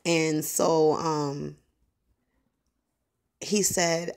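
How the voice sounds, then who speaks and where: A woman telling a personal story in a halting, rambling way, full of ums. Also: deep voice, level tone, darkish tone. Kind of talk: casual spoken testimony.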